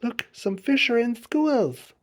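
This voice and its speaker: A man voicing an excitable young schoolboy who often whispers, in a children's storybook read-aloud. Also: very high voice, takes it slowly, pitched above the performer's own voice, full character voice. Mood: eager. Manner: often whispering, wide-eyed and eager.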